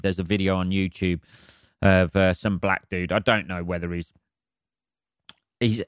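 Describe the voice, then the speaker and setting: A man's voice: lowish voice, smooth, dry recording, studio quality. A man hosting a solo podcast, ranting in a sweary, rambling way. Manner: sweary, rambling, laughing asides. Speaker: podcast host. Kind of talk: solo comedic rant.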